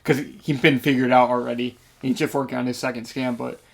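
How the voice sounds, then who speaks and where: A man's voice: medium pitch, level tone, a little fast, creaky. A man co-hosting a film review podcast, chatting casually and laughing often while he gives blunt opinions. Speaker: podcast co-host.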